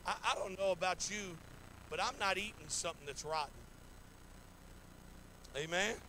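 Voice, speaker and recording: Male pastor, homespun sermon delivery, slightly raised pitch, faint background noise. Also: normal speed, pushed and bright, poor audio. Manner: folksy, repetitive, acts out anecdotes in quoted voices. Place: church sanctuary.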